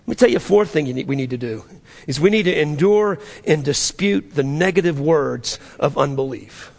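A male pastor preaching with a high, gravelly voice. He swings between loud, drawn-out exhortation and low, quiet asides, acting out the people in his stories. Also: lively intonation. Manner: preaching with dramatic swings, quoting figures in voices. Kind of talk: sermon.

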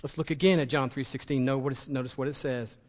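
A man's voice: mid-range voice, steady tone, fast talker, a little mellow, big-room sound. A man preaching a sermon as pastor, impassioned and building to emphatic peaks.

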